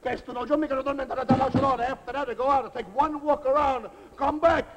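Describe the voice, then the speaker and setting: A boisterous, excitable middle-aged Italian cook, mangling his English and drifting into mock-Italian double-talk in a thick put-on accent. His voice sits high for a man. The sound is a scratchy, hissy early television recording. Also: fast. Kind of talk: live TV comedy sketch.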